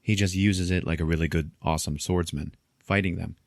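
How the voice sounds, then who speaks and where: A podcast host retells a film's plot in casual, animated chat, laughing often and swearing freely. His voice sits low. The sound is dry and close, with no room echo. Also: fairly quick, vocal fry. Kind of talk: casual film recap.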